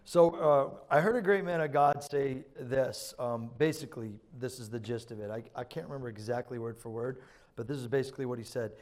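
A male pastor begins his sermon by leading the room in a short prayer. He preaches at a steady pace and repeats key points for emphasis. His voice sits at an ordinary middle pitch. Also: brisk, few pauses.

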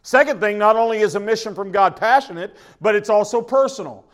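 A man's voice: high voice, fairly quick. A man from preaching a sermon in a folksy, conversational way, often restarting his phrases. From Oklahoma. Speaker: pastor.

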